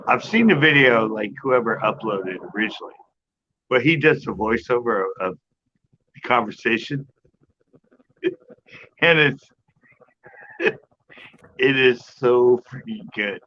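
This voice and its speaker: A man in casual chat who tells stories in an animated way, laughs a lot and swears freely. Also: medium pitch, slow, pauses often, muffled recording. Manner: chatty, laughs often, animated storyteller, swears. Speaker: channel host.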